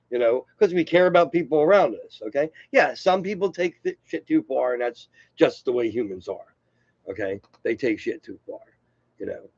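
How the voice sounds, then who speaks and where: Gravelly man rambling self-deprecating comedy. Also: medium pitch, lively intonation, normal speed, darkish tone, no room sound, highs cut off. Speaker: comedy live streamer. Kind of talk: rambling casual stand-up monologue. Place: home room, live stream.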